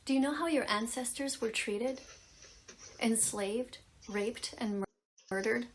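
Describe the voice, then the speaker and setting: A woman's voice: a little high, measured pace, slightly rough. A woman giving a dramatic, moralizing activist monologue in an accusatory tone. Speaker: vegan activist. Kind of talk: preachy social media monologue. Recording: clip with music playing behind. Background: music.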